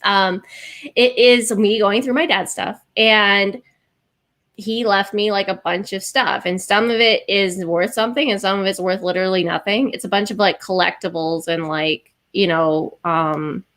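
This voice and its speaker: A woman's voice: mid-range voice, steady tone, moderate pace, fairly bright tone. A woman from Canada with a General American accent, a guest in a casual live stream chat, giggly and rambling with many restarts.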